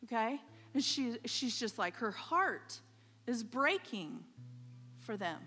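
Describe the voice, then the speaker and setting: A woman preaches to her church, telling a story at an unhurried pace and often checking in with her listeners. Her voice sits fairly high and rings bright and forceful. A long reverb trails off the sanctuary walls. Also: very animated, husky, soft background music. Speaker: pastor's wife preaching. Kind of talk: sermon.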